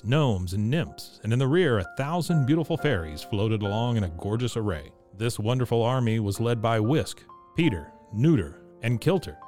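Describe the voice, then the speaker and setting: A man narrating a classic storybook in a steady, measured reading. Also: medium pitch. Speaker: audiobook narrator.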